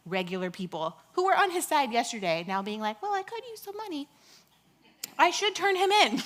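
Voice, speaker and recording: A woman preaching a lively sermon, acting out the people in her story and laughing often. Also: mid-range voice. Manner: animated, acts out quotes, laughs often. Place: church.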